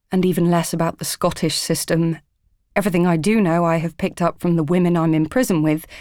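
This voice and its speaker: A woman's voice: lowish voice, darkish tone, dry recording, clean studio sound. A young woman narrating a first-person audiobook, earnest and pleading, emotionally raw.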